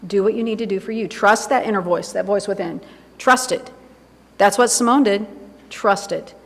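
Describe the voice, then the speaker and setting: In a church sanctuary, a woman speaks at medium pitch and a moderate pace as she gives a casual, conversational sermon. Asides to herself pepper her talk, and the hall rings with long reverb.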